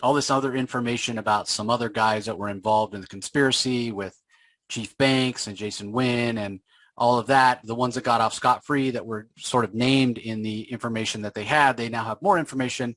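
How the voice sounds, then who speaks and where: A man hosting a casual comic book discussion, retelling scenes and acting out the characters' lines in quick voices. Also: medium pitch, fairly even intonation, a bit bright, no echo. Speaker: podcast host.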